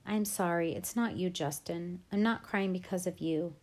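A woman's voice: on the low side, normal speed, darkish tone, lightly acted. A woman reading an audiobook and voicing a teenage girl who turns from defensive to tearful, sobbing as she talks. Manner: defensive, then sobbing and pleading.

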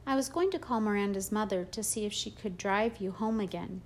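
A fretting middle-aged mother, read by a woman narrator, anxious and pleading as she fusses over her daughter. Her pitch is an everyday middle register, with faint background hiss. It is a storybook reading, not a full performance. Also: fairly quick, darkish tone, close to an everyday voice. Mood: worried.

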